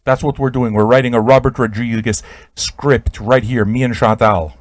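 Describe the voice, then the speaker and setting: Man, radio host, absurd rambling monologue, stammering restarts, dry sound, loud bursts. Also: medium pitch, fairly even intonation, normal speed, no echo. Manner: sudden loud shouted outbursts. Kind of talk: improvised comic storytelling.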